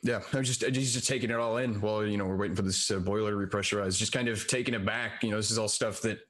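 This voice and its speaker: A man's voice: on the low side, fairly even intonation, racing, fairly bright tone. A man playing in a tabletop game, chatting casually and hesitantly with lots of fillers. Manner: rambling, hesitant, many fillers. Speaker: player. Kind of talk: casual chat.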